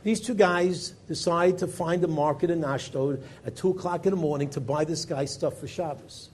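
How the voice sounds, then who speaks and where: Husky rabbi with a high, animated voice, telling a story in a Torah class. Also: male voice, moderate pace. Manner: animated storyteller, voice rising with emphasis and dropping low for quoted lines.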